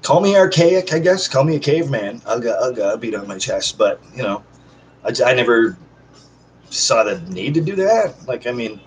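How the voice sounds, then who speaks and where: A man's voice: medium pitch, very animated, moderate pace, a little hiss or hum, low-quality recording. A man hosting his own unedited vlog from home, chatting casually to viewers with rambling, joking, self-deprecating asides. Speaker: channel host. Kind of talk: casual unedited one-take vlog chat.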